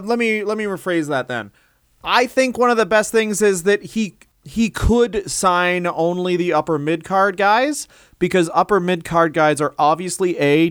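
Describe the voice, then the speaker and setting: Profane, excitable podcast co-host man. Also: a little high, smooth, dry recording, studio quality. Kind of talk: casual podcast chat.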